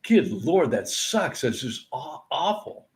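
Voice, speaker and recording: A man's voice: on the high side, very animated, slow pace. A man hosting a sports-picks recap, going over college basketball scores in an exasperated, sarcastic rant. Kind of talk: ranting sports betting recap.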